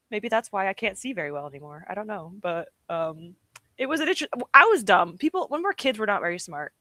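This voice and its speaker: A woman's voice: medium pitch, sing-song, moderate pace, sharp tone, no echo. A young woman streamer chatting casually and giggling often, poking fun at herself. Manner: chatty, giggly, self-deprecating. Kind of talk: casual livestream chat.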